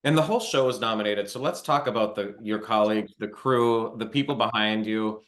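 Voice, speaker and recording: A man's voice: lowish voice, a little fast, fairly bright tone. A male editor hosting a webchat interview, asking questions conversationally and rephrasing as he goes. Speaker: interviewer, awards site editor. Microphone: video call.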